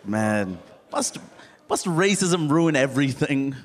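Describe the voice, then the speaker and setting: A man's voice: mid-range voice, big pitch swings, takes it slowly. A man performing a stand-up comedy set on stage, telling stories animatedly and mimicking other people. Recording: live hall with reverb, faint noise.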